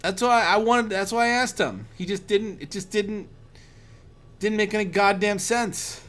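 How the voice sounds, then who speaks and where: A man's voice: sits high, unhurried, a bit bright. A man streaming while drinking, telling a rambling, profane anecdote in a casual way. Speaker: art streamer. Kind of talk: casual storytelling on a livestream.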